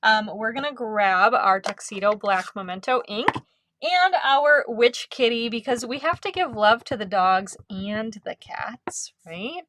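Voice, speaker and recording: A woman's voice: a little high, lively intonation, unhurried, background noise. Chatty woman teaching a craft class. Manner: chatty, giggly, upbeat. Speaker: craft instructor. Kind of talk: live card-making class.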